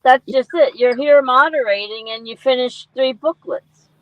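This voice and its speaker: A woman with a fairly high voice co-hosts a livestream chat, passing on viewer comments. The sound is muffled and lo-fi, with no room echo at all. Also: normal speed. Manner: reads viewer comments and answers them conversationally. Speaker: co-host. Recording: dull dry lo-fi sound.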